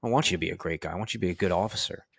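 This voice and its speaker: A man with a low voice works through fire-service stories in an interview. He speaks candidly, swears freely and acts out what his old officers said. The sound is dry and close. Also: rapid-fire, gravelly, breathy edge, no echo. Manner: candid and profane, heavy use of "you know". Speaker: firefighter officer guest. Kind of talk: casual interview storytelling.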